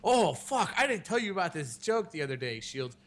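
A man's voice: a little high, big pitch swings, brisk, a bit bright. Casual swearing podcast guy. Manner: rambling storyteller, swears freely. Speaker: podcast host. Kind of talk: casual chat.

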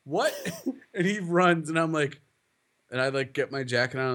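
A young man co-hosting a podcast, telling stories in a profane, animated way and laughing often. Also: sits high, measured pace. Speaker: podcast co-host. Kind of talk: casual chat.

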